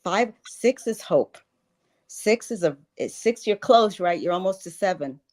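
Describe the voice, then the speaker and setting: A woman's voice: mid-range voice, expressive, a little slow, darkish tone. A woman in her sixties, a life and wealth coach, speaking earnestly as an interview guest and repeating phrases for stress. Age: 60s. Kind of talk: spiritual interview talk.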